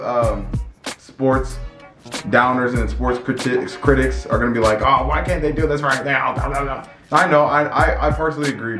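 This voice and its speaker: Male vlogger, middle pitch, loose and rambling delivery, roomy echo on the track. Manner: excitable and rambling, with many restarts and repeated words. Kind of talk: casual storytelling to camera. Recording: echoey room with faint music.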